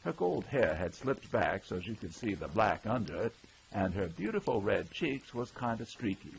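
A man narrating a folksy old-time story, with lively character voices. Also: lowish voice, moderate pace, creaky, a little hiss or hum, rough recording. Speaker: audiobook narrator.

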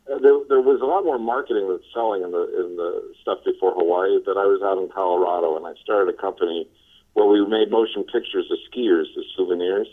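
Man, low voice, phone-line sound, relaxed storyteller, lots of fillers, interview guest. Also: a little fast. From Los Angeles area. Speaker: interview guest, sales trainer. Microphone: telephone.

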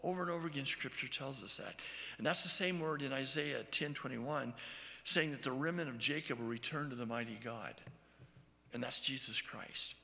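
A man preaching a sermon as pastor, teaching verse by verse, often checking in with "okay?" and reading scripture slowly. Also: mid-range voice, vocal fry, sharp tone, long reverb tail. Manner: reads scripture aloud slowly.

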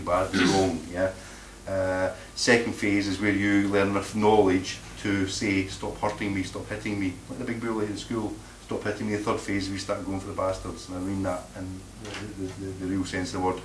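A man's voice: fairly low pitch, a little hiss or hum. Male meeting speaker, combative and plain-spoken, recorded far off in an echoey room. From Scotland. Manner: blunt, combative, repeats words while searching. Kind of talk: informal talk to a live audience.

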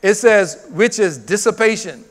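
High-voiced preaching pastor, man. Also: animated, unhurried, big-room sound. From Bahamas. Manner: preaching with humor, repeating words for emphasis. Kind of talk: sermon.

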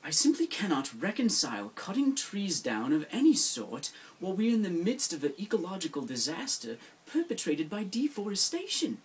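A man's voice: sits high, huge pitch swings, moderate pace, few pauses, breathy edge, recorded from a distance, voice pushed up, full character voice. A young man voicing an earnest environmentalist roommate who speaks urgently and preachily in a mock reality-show confessional. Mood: preachy.

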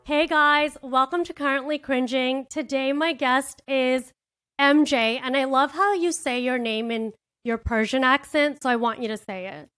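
A woman's voice: high voice, measured pace, fairly bright tone, soft background music. A woman in her late thirties hosting a podcast, talking in an enthusiastic, gushing way. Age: late 30s. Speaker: podcast host. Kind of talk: casual podcast interview.

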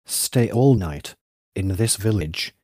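Guy doing an old fisherman, thin voice, nosy and wary, lowish. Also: lively intonation, takes it slowly, a little mellow, no room sound, clean studio sound. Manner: probing, suspicious questions. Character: old male village fisherman, wrinkled, wary.

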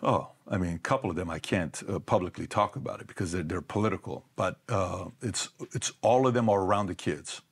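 A man's voice: low-pitched, a little fast, vocal fry, few pauses, breathy edge. A middle-aged man as an interview guest, talking emphatically and firing off rhetorical questions. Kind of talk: conversational interview.

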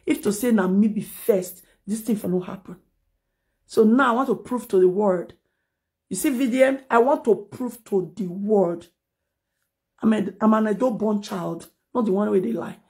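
A woman's voice: mid-range voice, normal speed, darkish tone. A Nigerian-accented mother scolding critics in a heated, confrontational live video rant, mixing English and Pidgin, recorded on a phone. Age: adult mother. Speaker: social media personality.

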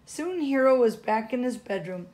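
A woman's voice: on the high side, animated, normal speed, a little mellow. A woman, a teacher, reading a children's storybook aloud in a casual way, correcting herself as she goes.

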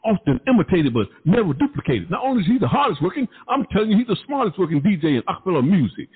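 A man's voice: high-pitched, sing-song, rapid-fire, breathy edge, pitched above the performer's own voice, full character voice. A man doing an impression of an emphatic male awards founder, declaiming praise. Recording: tinny phone-like sound, long reverb.

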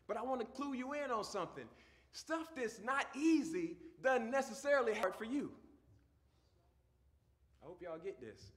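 A male pastor preaching a sermon, moving from quiet teaching to loud, fervent preaching. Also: very high-pitched.

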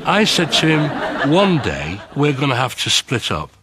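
A man's voice: mid-range voice, huge pitch swings, a little slow, pushed and bright, slightly rough, dry recording, a faint crowd. A man recalling the comedian's early club career in a documentary interview, matter-of-fact.

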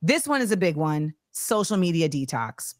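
A woman hosting a talk show in casual chat, animated, laughing and slipping into slang. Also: deep voice, normal speed, no echo, studio quality. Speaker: host.

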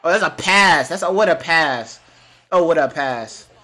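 Young male streamer, bright and lively, hyped slang reaction commentary, quick catchphrases. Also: on the high side. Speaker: streamer reacting to game highlights. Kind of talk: excited live reaction commentary.

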